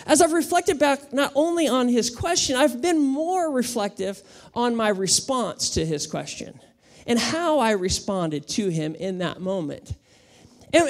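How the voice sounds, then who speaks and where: A man in his thirties, a pastor preaching a sermon with animated, humorous storytelling. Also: very high-pitched.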